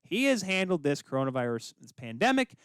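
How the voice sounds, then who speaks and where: A man's voice: on the high side, big pitch swings, a little fast, smooth, no room sound, clean studio sound. A young man co-hosting a podcast, rambling and joking between laughs. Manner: goofy, rambling, laughs a lot. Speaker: podcast co-host. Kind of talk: joking casual chat.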